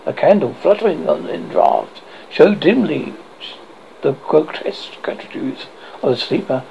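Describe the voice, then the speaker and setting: A man reading a horror story aloud as host, with a dramatic, expressive delivery. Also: fairly high pitch, unhurried, gravelly, a little hiss or hum. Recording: dull lo-fi recording.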